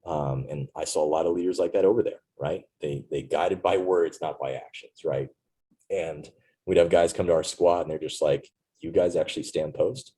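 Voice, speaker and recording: A man in his thirties with a deep, dark, husky voice. He tells a story from his service earnestly and reflectively as an interview guest, checking in with "right?" as he goes. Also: moderate pace, rough recording. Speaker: interview guest, Marine veteran.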